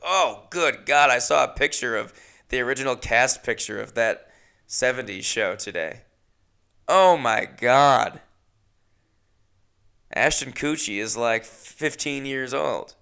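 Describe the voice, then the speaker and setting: A man's voice: medium pitch, lively intonation, slow, vocal fry, bright, forceful tone, smooth. A man hosting a solo podcast, rambling casually with chatty, self-mocking asides. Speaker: podcast host.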